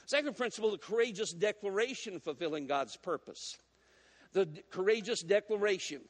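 A man preaching a sermon as a guest, folksy and animated as he tells stories and teases the congregation. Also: sits high, normal speed, long reverb tail. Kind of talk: sermon with storytelling. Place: church sanctuary.

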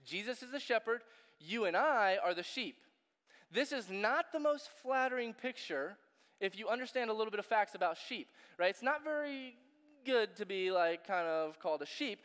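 A man's voice: high-pitched, fairly bright tone, long reverb tail. A man preaching a sermon in a casual, joking way, full of fillers and asides. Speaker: pastor.

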